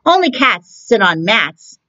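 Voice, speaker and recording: Woman doing a slow, bossy storybook cat. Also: on the high side, sing-song, pushed and bright, highs cut off, pitched above the performer's own voice, exaggerated voice. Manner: slow, drawn-out and matter-of-fact. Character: bossy know-it-all cat.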